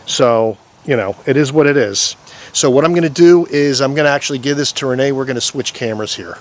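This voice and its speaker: A man's voice: medium pitch, brisk. A man hosting a paranormal investigation outdoors, talking casually to the viewers with rambling asides and restarts. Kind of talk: casual on-camera commentary. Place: outdoors in a historic park field.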